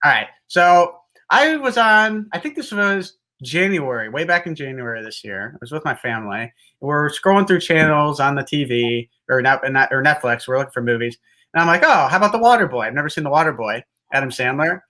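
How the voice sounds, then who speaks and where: Lively young man hosting a sports chat. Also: fairly high pitch, a little fast. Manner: rambling, hedging, lots of restarts. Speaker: sports talk show host. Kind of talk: casual sports talk.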